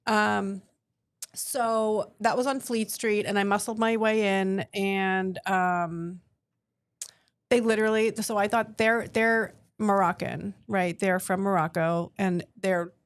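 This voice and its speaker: A woman telling stories in a sassy, animated way as a guest in a casual chat. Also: mid-range voice, takes it slowly, dry recording. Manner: sassy storyteller, lively quoted voices.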